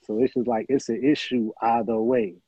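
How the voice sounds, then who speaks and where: A man's voice: mid-range voice, steady tone, moderate pace, mellow, slightly rough, no room sound, lo-fi sound. A man on a podcast panel talking casually, blunt and emphatic, repeating his points. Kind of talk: casual chat.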